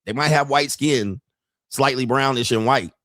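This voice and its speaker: A man's voice: mid-range voice, normal speed, fairly bright tone, no room sound, clean studio sound. Mocking, laughing man commentator. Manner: mocking, laughing often, blunt and profane. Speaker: streamer reacting to pickup videos. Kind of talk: casual reaction commentary.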